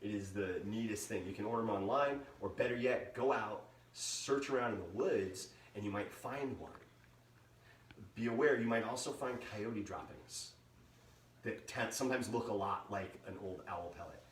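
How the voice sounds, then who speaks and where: A man's voice: on the low side, moderate pace. A middle-aged man, a museum educator, giving a playful live talk for kids and imitating owl calls. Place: indoors, museum room. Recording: roomy sound, mic at a distance.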